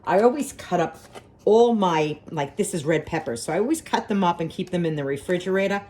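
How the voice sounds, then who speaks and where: A woman's voice: on the low side, animated, brisk, a little mellow, slight background noise. Chatty, sarcastic woman vlogging on the go. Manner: sarcastic, chatty, talks to viewers as friends. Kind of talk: casual vlog rant. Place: car and grocery store, then home kitchen.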